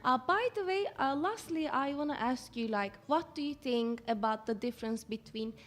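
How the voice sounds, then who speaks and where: A woman's voice: high voice, lively intonation, normal speed, fairly bright tone. A woman, an English teacher hosting a casual school radio chat, asking students questions and laughing often. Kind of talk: casual classroom discussion.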